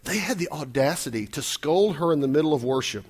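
A male preacher delivering a sermon, his voice a bit higher than most men's. He talks with a lot of swing in pitch, moving from loud emphatic lines to quiet asides. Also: a little fast, husky. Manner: animated, shifts loud and soft, acts out quotes. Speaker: pastor.

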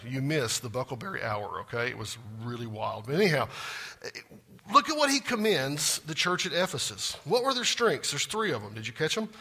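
A pastor preaches in a church, talking with his congregation and joking at his own expense. His voice is bright and a little husky, pitched somewhat high for a man. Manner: conversational, asks the congregation questions, jokes at himself. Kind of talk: sermon. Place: church sanctuary.

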